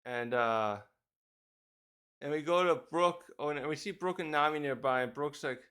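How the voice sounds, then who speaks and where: A man's voice: a little high, normal speed, fairly bright tone, clean tone. Rambling man reviewing a comic chapter. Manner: rambling, thinks aloud and corrects himself. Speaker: manga reviewer.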